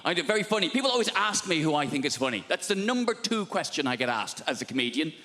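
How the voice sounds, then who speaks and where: A man doing stand-up comedy on a big theatre stage, ranting in an animated, exasperated way. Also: fairly high pitch, fast. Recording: large echoing theatre hall with noise.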